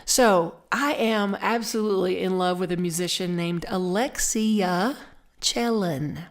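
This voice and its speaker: A middle-aged woman with a Southern accent gives a conversational sermon, reflective, slowing down and repeating key phrases for emphasis. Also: mid-range voice. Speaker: minister.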